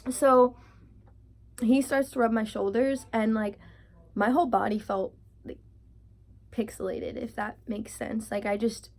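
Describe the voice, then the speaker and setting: Young woman, twenties, storytime vlog, chatty and animated, lots of "like", slightly high voice. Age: 20s. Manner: animated storytelling, acts out her panicked past self; heavy use of filler "like". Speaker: vlogger.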